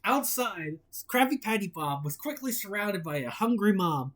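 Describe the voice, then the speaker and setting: A woman's voice: mid-range voice, normal speed. Giggly woman reading a storybook aloud. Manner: giggly, rambling, excitable. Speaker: storytime host and reader.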